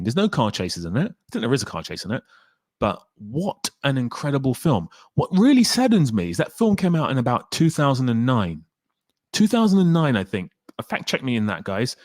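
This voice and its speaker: Man, live-stream host, casual chat, excitable, swears a lot, dry close sound. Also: mid-range voice, dry recording. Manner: lively and excitable, swears freely. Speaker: livestream host reading viewer comments.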